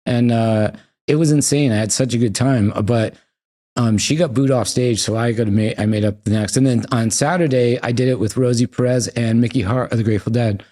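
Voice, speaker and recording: A brisk American podcast guest with a mid-range voice tells stories casually. He's animated and profane, acting out quotes as he goes.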